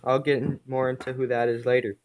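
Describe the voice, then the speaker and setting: Quiet, self-mocking man reading his comic. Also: medium pitch, little pitch movement, fast talker. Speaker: video creator.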